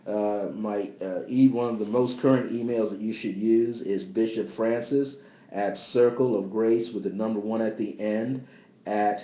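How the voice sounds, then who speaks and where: A man, a bishop and spiritual teacher, giving a livestreamed spiritual teaching into a tablet, emphatic and repetitive, swinging between loud high exclamations and low, subdued asides. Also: fairly even intonation, measured pace. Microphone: tablet device. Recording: roomy, dull lo-fi tablet livestream.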